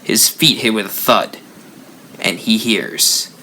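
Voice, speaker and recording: A man hosting a live stream, telling a spooky story with lively rises and drops. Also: on the low side, slow pace. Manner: animated storyteller, rising and dropping for effect. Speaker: haunt builder channel host.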